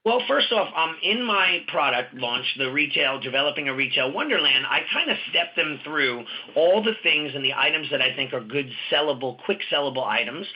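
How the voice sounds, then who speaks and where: A man who owns and coaches martial arts schools, talking in an audio interview and telling stories with lively quoted dialogue. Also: on the high side, normal speed, hardly any pauses, dull audio. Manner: animated storyteller, acts out quoted dialogue.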